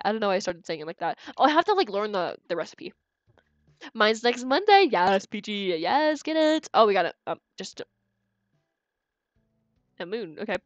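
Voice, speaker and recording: A woman's voice: medium pitch, lively intonation, quick pace, no echo. A woman streamer giving live game commentary in a chatty, giggly way, thinking aloud and stumbling over repeated words.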